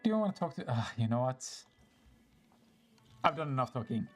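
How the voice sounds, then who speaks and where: A goofy game streamer rambles through casual commentary and pokes fun at themselves. The voice leaps around in pitch, and faint game music sits underneath. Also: sing-song, a little fast. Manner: goofy, self-mocking, rambling.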